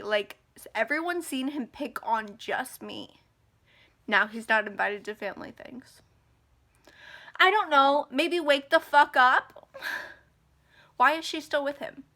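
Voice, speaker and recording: A fairly high, somewhat bright female voice comes from a vlogger in her twenties who is ranting to camera. She sounds upset and angry, and she's near tears.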